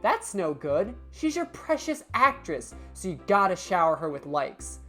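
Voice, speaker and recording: A woman's voice: fairly low pitch, very animated, unhurried, a bit bright. Woman doing a bubbly young woman, teasing, game voice, faint music behind. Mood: chirpy. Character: chirpy young woman, pushy and upbeat.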